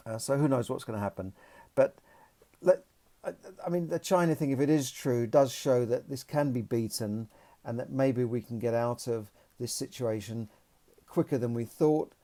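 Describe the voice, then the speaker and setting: A man's voice: medium pitch, moderate pace, mellow. A man hosting a solo podcast, commenting in a rambling, opinionated way. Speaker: podcast host.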